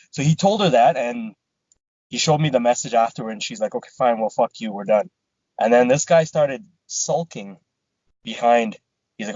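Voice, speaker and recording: A man's voice: mid-range voice, moderate pace, dry recording, lo-fi sound. A man co-hosting a podcast, casually telling a story with lots of swearing and quoted back-and-forth. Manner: swears a lot, animated retelling with quoted dialogue. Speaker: podcast co-host.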